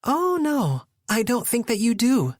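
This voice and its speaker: A man's voice: sits high, sing-song, measured pace, dry recording, studio quality, pitched above the performer's own voice. A male narrator voicing a tense young woman hosting a dinner, clipped and stiffly polite. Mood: pointed.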